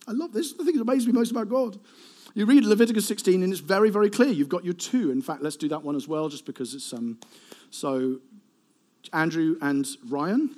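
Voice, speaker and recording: A man preaching a sermon to a live congregation, animated and conversational, with asides to the crowd. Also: fairly high pitch. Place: warm hall with a live congregation.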